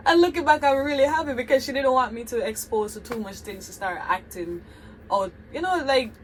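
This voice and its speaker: A woman's voice: a little high, animated, fairly quick, slight background noise, low-quality recording. A woman with a Jamaican accent talking to her viewers in a reflective, heartfelt vlog. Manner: earnest, heartfelt, addresses viewers directly. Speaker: vlogger.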